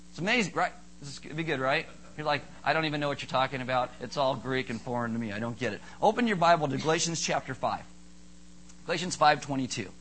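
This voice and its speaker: A man preaching with a high, bright and forceful voice. He delivers an animated sermon and sometimes acts out panicky people in high squeals. A faint hum sits under the recording. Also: low-quality recording. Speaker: pastor.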